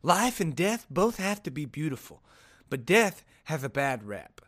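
A man putting on a lisping impression of a famous retired boxer in his fifties, speaking slowly and haltingly. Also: fairly high pitch, very animated, fairly bright tone, exaggerated voice. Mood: reflective. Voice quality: lisp.

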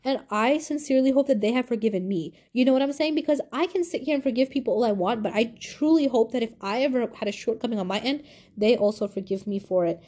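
An eighteen-year-old woman hosting a podcast, telling a personal story in a confiding, animated way. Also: fast talker. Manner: animated, confiding, swings from high to low. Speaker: podcast host.

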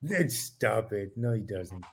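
A man's voice: on the low side, sing-song, takes it slowly, gravelly, slightly rough. A man co-hosting a podcast, pushing back on his partner in casual debate and laughing easily. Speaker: podcast co-host.

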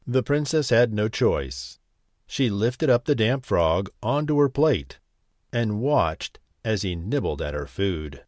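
A man hosting a bedtime story channel, reading a fairy tale gently. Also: fairly low pitch, big pitch swings, slow, dry recording, clean studio sound. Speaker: storyteller host.

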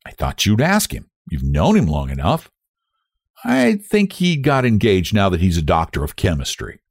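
A man's voice: low voice, wildly swooping pitch, normal speed, breathy edge, no room sound, studio quality, full character voice. A man voicing a bold, blunt young woman who talks brashly, in a storybook reading.

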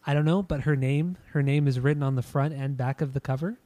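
A man's voice: mid-range voice, fairly even intonation, fast, mellow, no echo. A man hosting a casual podcast, rambling and repeating himself as he wraps up an album review. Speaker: podcast host.

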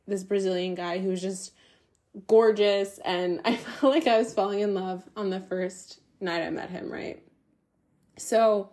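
A woman's voice: mid-range voice, darkish tone. A woman hosting her own podcast, talking in a chatty, confessional way, laughing often and swearing freely. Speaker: podcast host. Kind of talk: casual solo podcast monologue.

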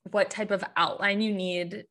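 A woman's voice: medium pitch, fairly even intonation, moderate pace, a bit bright, a little hiss or hum. A young woman from the Midwest with a Midwestern accent, chatting casually as a podcast guest, nasal, with rising endings and lots of "like". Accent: Midwestern American. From Midwest United States. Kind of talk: casual chat.

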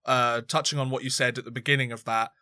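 A man's voice: medium pitch, fairly even intonation, quick pace, sharp tone, dry recording, clean studio sound. A man co-hosting a sports podcast, chatting casually and rambling, with frequent restarts and fillers. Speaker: podcast co-host.

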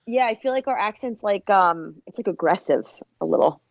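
A woman's voice: medium pitch, lively intonation, fairly quick, no room sound, highs cut off. A woman with a Long Island accent, a guest in casual chat, who says "like" constantly and laughs at herself. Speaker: podcast guest.

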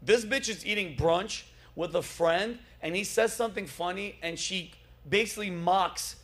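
A man's voice: high voice, moderate pace, fairly bright tone. A man hosting a casual comedy chat show, ranting animatedly and swearing freely. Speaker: host.

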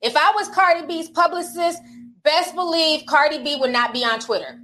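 A woman's voice: sits high, normal speed, sharp tone. A woman giving sassy, casual gossip commentary, swearing now and then. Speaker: commentary vlogger.

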